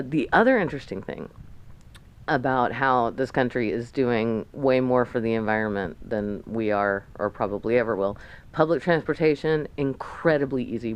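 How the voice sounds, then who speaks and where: A woman's voice: very deep voice, low-quality recording. An American woman vlogger in a hotel room, chatting casually and ramblingly about her travels through a camera mic, with lots of restarts and asides. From United States.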